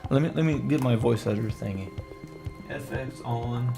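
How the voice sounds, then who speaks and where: A man's voice: mid-range voice, normal speed, vocal fry. A man streaming from his home setup, chatting casually and joking as he draws. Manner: rambling, jokey, self-talk. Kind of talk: casual chat while drawing. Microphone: microphone through audio interface. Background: music.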